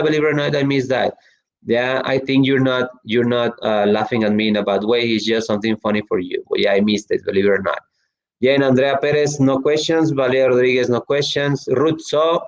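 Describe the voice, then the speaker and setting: Chatty male teacher with slightly dull audio. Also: medium pitch. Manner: chatty, lots of fillers and restarts. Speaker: English teacher. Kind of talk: online class, reading student chat.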